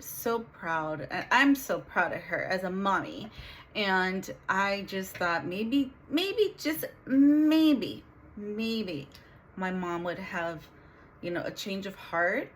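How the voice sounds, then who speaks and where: A middle-aged woman vlogging, telling a painful family story in an earnest, halting way with many restarts. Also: lowish voice, fairly bright tone, a little hiss or hum. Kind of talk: emotional personal storytelling.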